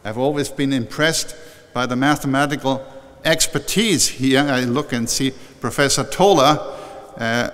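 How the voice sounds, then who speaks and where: Older man speaking in an echoing hall. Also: mid-range voice. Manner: warm, conversational, often restarting and correcting himself. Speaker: honorary doctorate recipient giving an acceptance speech. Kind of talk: formal ceremony speech with anecdotes and a joke. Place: large historic chapel hall. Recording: long reverb from a large hall.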